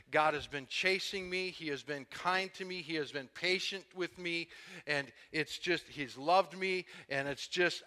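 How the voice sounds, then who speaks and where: A man preaching a sermon, telling his own testimony, dropping quiet then building to loud, impassioned peaks. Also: fairly high pitch, big-room sound. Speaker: pastor.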